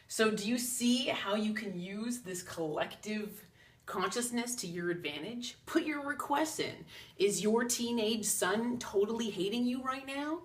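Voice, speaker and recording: A woman's voice: fairly high pitch, unhurried, fairly bright tone. A woman casually talking to camera about spiritual ideas in an earnest, chatty way, slipping into quoted asides. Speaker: psychic channel host. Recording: roomy echo, from a distance.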